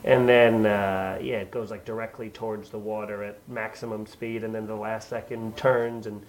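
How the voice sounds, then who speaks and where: A man's voice: on the low side, normal speed, a crowd in the background, rough recording. Rambling man guest from Long Island. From Long Island, New York. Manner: rambling, relaxed, many fillers. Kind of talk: casual chat. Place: basement room.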